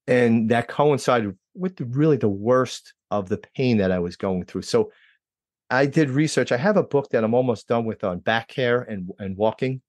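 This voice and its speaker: A man's voice: normal speed, no room sound. Storytelling man from New Jersey, dry sound. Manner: lively, acts out quoted dialogue with pitch jumps. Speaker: interview guest. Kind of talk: personal storytelling.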